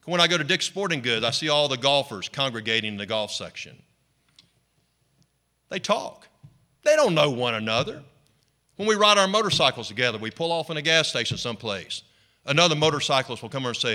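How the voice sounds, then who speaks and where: A male pastor preaching a sermon in an animated way, leading the congregation in call-and-response. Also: a little high, moderate pace.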